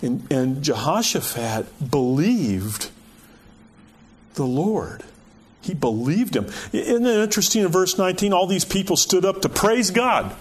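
A man's voice: high-pitched, lively intonation, measured pace, slightly rough. A man preaching in a conversational way, reading scripture aloud and asking the listeners rhetorical questions, often saying "you know". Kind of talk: conversational sermon.

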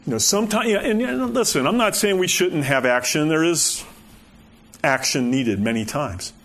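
A man's voice: on the high side, lively intonation, normal speed, a bit bright. A man preaching in a conversational way, reading scripture aloud and asking the listeners rhetorical questions, often saying "you know". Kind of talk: conversational sermon.

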